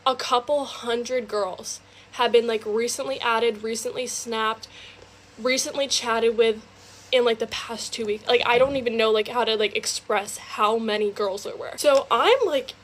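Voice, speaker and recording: Chatty young woman with a higher voice. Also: fairly even intonation, a little hiss or hum. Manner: chatty, fast, heavy use of "like". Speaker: storyteller. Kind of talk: casual storytime vlog.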